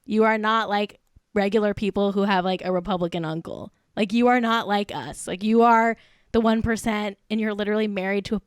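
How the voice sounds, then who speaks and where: A woman's voice: medium pitch, fairly even intonation, fairly quick, clear, resonant tone, no echo, clean studio sound. Tipsy, giggly woman gossiping. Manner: giggly, profane, gleefully catty. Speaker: podcast host. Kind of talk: casual celebrity gossip chat.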